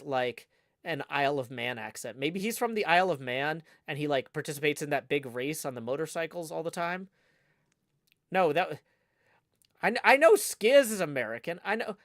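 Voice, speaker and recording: A man's voice: a little high, fairly bright tone, no room sound, studio quality. A man chatting casually on a livestream, rambling and playful with lots of restarts. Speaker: livestreaming gamer.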